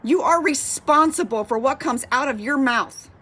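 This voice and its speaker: Fired-up, high-voiced woman fitness coach. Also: moderate pace, sharp tone. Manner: passionate, fired up, emphatic repetition. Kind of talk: motivational talk to camera.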